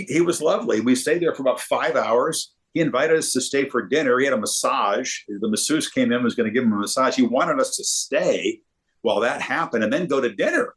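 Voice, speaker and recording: A man, a sportscaster guest, telling stories in a relaxed interview, often repeating words as he goes. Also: medium pitch, fairly quick. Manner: animated storyteller with frequent repeated words. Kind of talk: casual storytelling interview.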